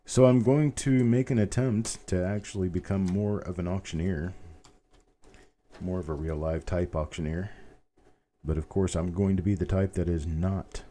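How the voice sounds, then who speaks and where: Deep, mellow-voiced American man hosting a live show. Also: fairly even intonation, moderate pace. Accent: Mid-South American. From Mid-South of the United States. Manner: chatty, jokes around trying out regional accents. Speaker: host of a live coin roll reveal. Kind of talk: casual live-stream chat.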